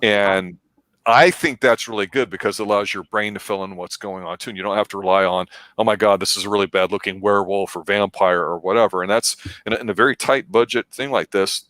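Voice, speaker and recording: A man co-hosting a casual review podcast, speaking in a measured, analytical way. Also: lowish voice, steady tone, fairly bright tone, dry recording. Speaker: podcast co-host.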